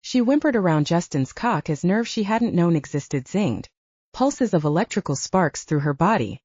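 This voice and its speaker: Female audiobook narrator, low and mellow, animated; dull, dry recording. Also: normal speed, husky, no echo. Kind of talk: scripted narration.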